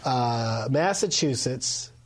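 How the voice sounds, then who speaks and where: A man hosting a podcast in a casual chat, relaxed and full of fillers. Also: mid-range voice, breathy edge. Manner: relaxed, drawn-out filler-heavy delivery. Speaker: podcast host.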